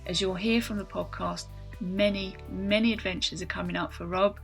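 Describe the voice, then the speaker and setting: A woman's voice: mid-range voice, fairly even intonation, normal speed, gravelly, faint music behind, low-quality recording. A woman host reading a scripted podcast introduction in a wry tone.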